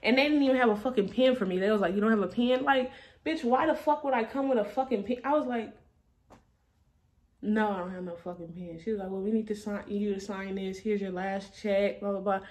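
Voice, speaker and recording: A woman's voice: mid-range voice, fast. A woman in her twenties, a vlogger, telling a casual story in blunt, profane slang and laughing as she goes.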